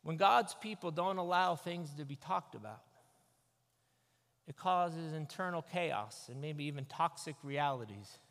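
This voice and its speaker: A man, a pastor, giving an animated, conversational sermon into a microphone. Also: on the high side, a little slow. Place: church sanctuary. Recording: echoey church hall.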